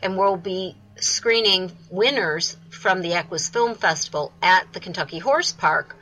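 Bright-voiced woman, enthusiastic festival founder. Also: lowish voice, measured pace, low-quality recording. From United States. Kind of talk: interview guest.

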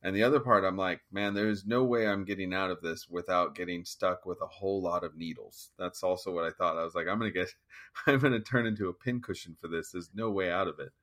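Guy w a lowish voice telling a long story in an interview, keeps restarting and quoting himself. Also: steady tone, fairly bright tone. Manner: halting, restarts, quotes his own thoughts. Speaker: guest musician. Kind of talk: conversational storytelling.

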